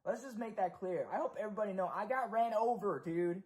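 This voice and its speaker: A man's voice: high voice, brisk, a little mellow. A young American man ranting profanely and repetitively in a casual livestream.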